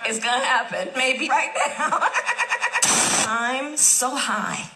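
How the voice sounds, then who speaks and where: Woman putting on a giddy politician impression, cackling, slow drawl, higher voice, noisy clip. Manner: slow, silly, cackling laughter.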